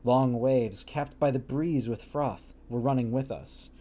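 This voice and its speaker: A man's voice: medium pitch, unhurried, dark tone. A man reading a classic novel aloud on a livestream, stumbling over old wording and breaking off with wry, laughing asides. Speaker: livestream book reader.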